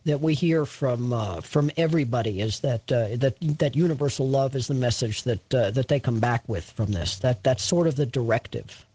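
A man hosting an interview, asking questions hesitantly with many pauses. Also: mid-range voice, mellow, husky, no room sound. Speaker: host. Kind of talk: interviewing a guest.

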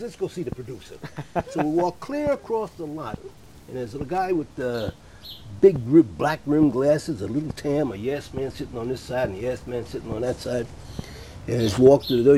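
An older man spins show-business anecdotes in a radio interview, leaping up in pitch to act out the people he quotes. His voice sits mid-range, and a faint hiss runs under the recording. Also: a little fast. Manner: lively anecdotal storyteller, acts out quoted voices. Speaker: guest, veteran voice actor and musician.

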